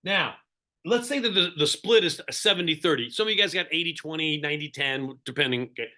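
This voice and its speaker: High, bright-voiced man coaching agents. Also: quick pace. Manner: animated, sarcastic, asks the audience questions. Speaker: real estate coach. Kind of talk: live online seminar talk.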